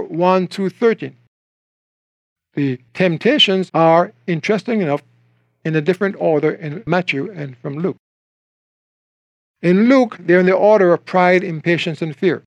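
A male preacher with a high-pitched voice delivers an animated sermon. He acts out the voices of the people he quotes. The sound is close and dry, with no room echo.

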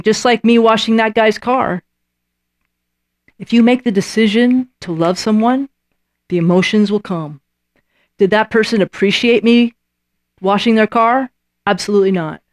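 A woman's voice: mid-range voice, no room sound, clean studio sound. A woman preaching a sermon in a conversational way, often acting out little voices and dialogues and checking in with her listeners by asking "Right?".

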